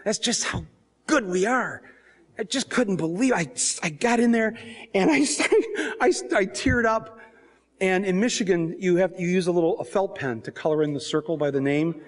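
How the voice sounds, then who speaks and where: A man, an author and filmmaker, telling comic stories to a live audience in an animated, joking way, acting out the scenes. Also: high-pitched, moderate pace. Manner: animated, joking, acts out scenes and voices, often breaks into laughter. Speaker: author and filmmaker giving a talk. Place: stage at a book fair.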